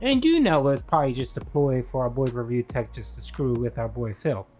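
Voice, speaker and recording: A man's voice: medium pitch, animated, fairly quick, a little mellow, faint music behind. A man co-hosting a live stream, recapping drama in a rambling way with lots of fillers. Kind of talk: casual recap commentary.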